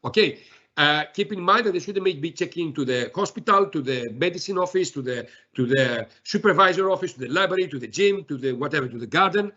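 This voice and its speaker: A man presenting a software demo in a webinar, talking haltingly with many fillers and restarts. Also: a little high, expressive, lo-fi sound.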